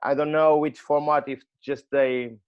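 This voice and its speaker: A male host whose first language is Portuguese, speaking English haltingly and searching for words. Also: on the high side, little pitch movement, clean tone, muffled recording. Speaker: gym owner and show host. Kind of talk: conversational interview.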